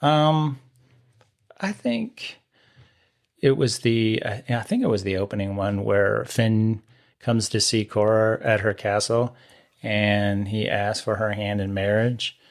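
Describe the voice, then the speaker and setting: A man co-hosting a podcast, chatting in a relaxed, easygoing way about a TV movie, sometimes pausing on fillers. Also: on the low side. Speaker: podcast co-host. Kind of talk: casual chat about a TV movie.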